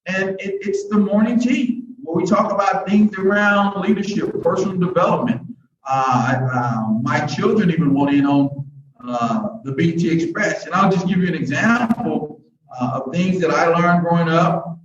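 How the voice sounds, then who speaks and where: Speaking at normal speed in a high voice, a man appears as an interview guest and tells motivational stories. His cadence is folksy and preacher-like, with many restarts. The audio sounds echoey, distant and dull.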